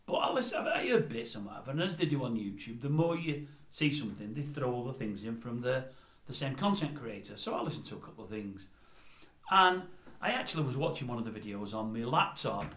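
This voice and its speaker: A man's voice: medium pitch, a bit bright. Older man telling a story. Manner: conversational, digressive, chatty. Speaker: vlogger. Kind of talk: rambling storytelling monologue. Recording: roomy echo.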